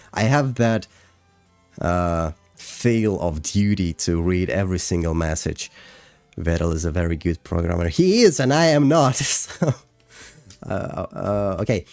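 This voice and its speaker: Deep, slow Russian-accented man. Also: darkish tone, no echo. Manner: halting and hesitant, with frequent fillers and restarts. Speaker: streamer and animator. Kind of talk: casual livestream chat, reading chat and explaining.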